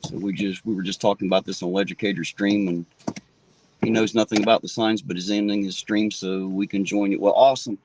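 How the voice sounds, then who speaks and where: A man's voice: lowish voice, steady tone, a little fast, background noise. A man livestreaming from a town street on a phone, ranting angrily and swearing heavily. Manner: swears heavily, indignant and fired up. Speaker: livestream host. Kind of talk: angry livestream rant.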